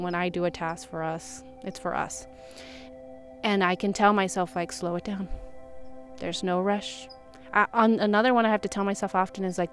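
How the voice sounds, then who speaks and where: A young woman in a casual vlog, talking gently and reflectively about kindness to herself, with soothing asides. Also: medium pitch. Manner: gentle, reflective, soothing when quoting self-talk. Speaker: vlogger. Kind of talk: casual self-help talk to camera.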